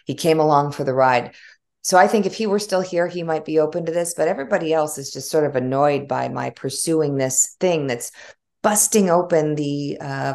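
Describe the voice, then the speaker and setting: A middle-aged woman with a Chicago accent, a former journalist telling stories in an animated, conversational interview. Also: sits low, vocal fry. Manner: animated storytelling with frequent laughs. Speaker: guest, former broadcast journalist.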